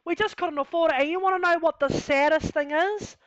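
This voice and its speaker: High-voiced New Zealand woman, candid. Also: a little fast, fairly bright tone, no echo. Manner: candid, heartfelt, fillers like "you know" and "like". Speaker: vlogger telling her life story. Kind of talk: casual personal storytelling. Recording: dull lo-fi sound.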